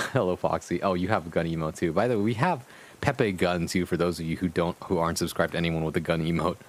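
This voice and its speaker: A man's voice: deep voice, fast. Laughing man reading fanfic on stream. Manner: amused, profane, laughs often, chats to viewers. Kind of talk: reading fanfiction aloud with live commentary.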